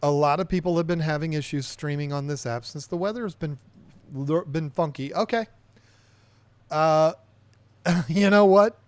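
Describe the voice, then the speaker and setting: A man hosts a casual livestream podcast, his voice pitched a little high and recorded dry and close. He rambles from topic to topic, reading viewer comments aloud and answering them as he goes. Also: moderate pace, pauses often, smooth, no echo. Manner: rambling, reads viewer chat aloud and chats back.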